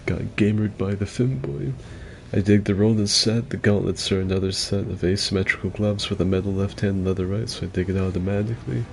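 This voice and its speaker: Gravelly low-voiced man joking through gaming commentary. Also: fairly even intonation, brisk, few pauses, darkish tone, slight background noise. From mixed heritage, partly Asian. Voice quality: gravelly, rough voice. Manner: crude, joking, reads chat aloud. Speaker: streamer hosting a game fight club.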